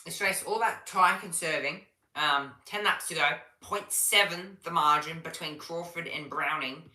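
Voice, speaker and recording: A woman's voice: sits low, normal speed, bright, forceful tone, echoey room, low-quality recording. A young woman giving casual live race commentary on a stream, chatting to viewers and reading the chat between calls.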